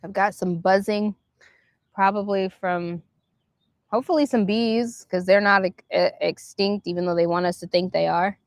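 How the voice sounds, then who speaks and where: Soft-spoken woman musing outdoors. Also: mid-range voice, little pitch movement, dry recording, clean studio sound. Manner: meandering, soft and reflective, guides slow breathing. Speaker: livestream host. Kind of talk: casual spiritual livestream chat. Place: outdoors near a park.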